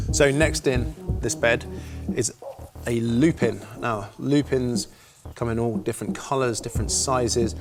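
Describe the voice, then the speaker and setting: An enthusiastic man presenting gardening tips outdoors in a casual, chatty way, with jokey asides. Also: mid-range voice. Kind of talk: casual outdoor how-to demonstration. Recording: music bed under the voice.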